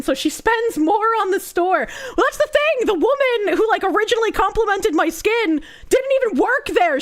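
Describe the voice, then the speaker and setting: A woman streamer telling a story in casual chat, rambling, swearing freely and filling her sentences with "like". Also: high-pitched. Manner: rambling and profane, full of fillers like "like".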